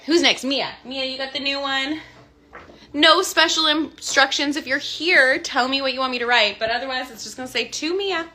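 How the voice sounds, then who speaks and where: Bright, chatty Canadian woman. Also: high-pitched. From Canada, part childhood in Scotland. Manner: chatty, bubbly, thinking aloud while signing. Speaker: voice actor signing autographs on a livestream. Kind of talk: casual livestream chat.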